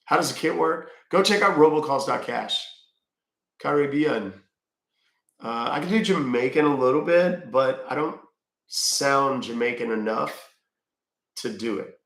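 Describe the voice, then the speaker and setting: Gravelly man chatting with viewers. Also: medium pitch, unhurried, a bit bright, roomy sound. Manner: chatty, answers viewer questions with fillers. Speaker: livestream host reading chat. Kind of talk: casual chat.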